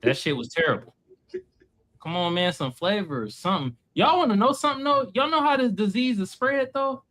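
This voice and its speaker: A man on a panel in casual banter, loud, slangy, joking and profane. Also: high-pitched, animated, fairly quick.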